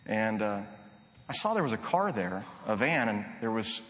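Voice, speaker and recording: A man's voice: lowish voice, big pitch swings, normal speed, a bit bright. A middle-aged man preaching a sermon, telling a story in an earnest, conversational way with frequent restarts. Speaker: pastor. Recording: long reverb of a large hall.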